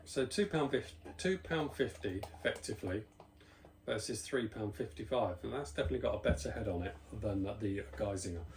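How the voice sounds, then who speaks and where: A man's voice: lowish voice, animated, brisk, darkish tone. A man from the UK hosting a casual beer review, chatty and rambling with self-deprecating asides, slightly out of breath. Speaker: beer reviewer, channel host.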